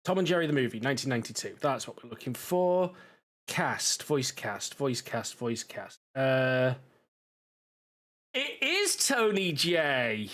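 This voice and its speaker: A man's voice: mid-range voice, animated, moderate pace. A man chatting casually to his live-stream audience while playing a game, rambling and swearing a little, stuffy from a cold.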